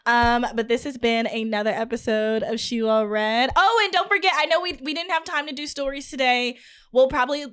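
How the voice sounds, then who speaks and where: A woman's voice: sits high, fairly quick, a bit bright, clean tone. A woman co-hosting a casual book club podcast, retelling chapters with lots of likes and quoted lines. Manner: retells the book in quoted voices, many fillers. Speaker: podcast co-host.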